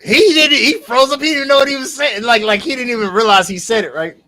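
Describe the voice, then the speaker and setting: With an extremely high-pitched voice and fast delivery, this male podcast co-host tells stories in casual conversation. He's animated and profane, performing the quotes as he goes.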